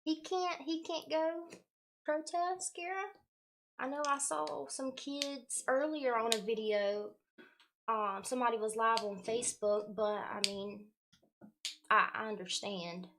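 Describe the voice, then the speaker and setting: A young woman who hosts a spiritual livestream, chatting casually and greeting viewers warmly by name with the odd swear word. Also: fairly high pitch, fairly even intonation, measured pace, background noise. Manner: casual slangy speech, swears now and then. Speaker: spiritual livestream host and card reader.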